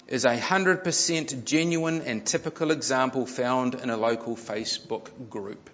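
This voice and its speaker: A man preaching a sermon, reading aloud with lively, emphatic quoting. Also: medium pitch, unhurried. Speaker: pastor. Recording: muffled recording with long hall reverb.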